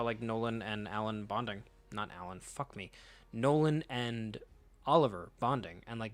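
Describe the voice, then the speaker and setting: A man's voice: mid-range voice, fairly bright tone. A man chatting loosely as he flips through comic issues. He jokes, swears easily and often stops to correct himself mid-sentence. His tone stays offhand and unscripted. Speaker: comic book reader and commentator. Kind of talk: casual chat while reading comics.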